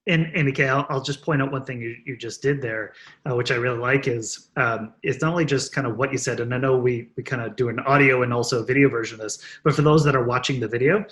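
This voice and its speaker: A man's voice: medium pitch, fast, a bit bright. A man co-hosting a podcast, talking hesitantly with many restarts. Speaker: podcast co-host. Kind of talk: conversational podcast chat.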